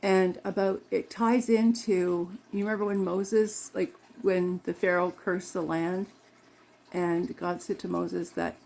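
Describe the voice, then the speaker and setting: A woman's voice: on the low side, a little mellow. A woman vlogger chatting casually and rambling, with frequent laughs and self-corrections, while doing her makeup.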